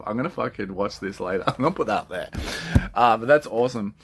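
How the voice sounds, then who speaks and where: A man's voice: mid-range voice, animated, fairly quick, a bit bright. A man chatting casually and with enthusiasm, often laughing and swearing freely. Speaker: collector. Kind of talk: casual chat.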